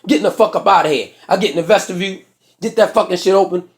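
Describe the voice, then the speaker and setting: Very fast and high-pitched, a male stand-up rattles through a crude comic story, animatedly acting out each character.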